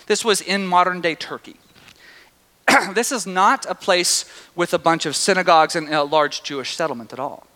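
A man preaching a sermon, shifting from quiet asides to loud, animated outbursts. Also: high voice, moderate pace, big-room sound. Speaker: pastor.

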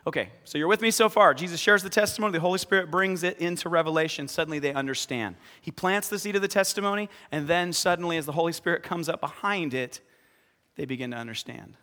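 A man preaching as pastor in a church, lively, acting out scripture scenes with sudden shouts. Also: on the high side, fast. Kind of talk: sermon. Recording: long reverb of a hall.

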